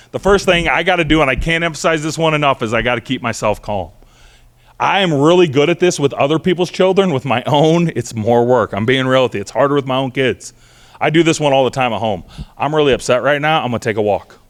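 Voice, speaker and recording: A middle-aged man giving a lively, conversational presentation to parents in a school auditorium, repeating short mantras. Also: medium pitch. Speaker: speaker on trauma-informed care.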